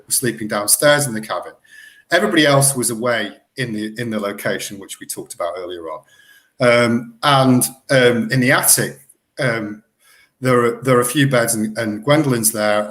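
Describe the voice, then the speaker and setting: A middle-aged man telling a story as a guest in an interview, excitable and animated, often restarting his sentences. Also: medium pitch. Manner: animated, excitable retelling with lots of self-corrections. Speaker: guest researcher.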